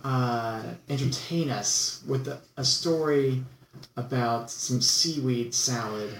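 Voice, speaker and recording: A man's voice: medium pitch, slow, recorded from a distance, slight background noise. A man hosting a podcast, chatting casually and prompting his guest to tell his stories. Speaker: podcast host. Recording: echoey room, a bit off-mic.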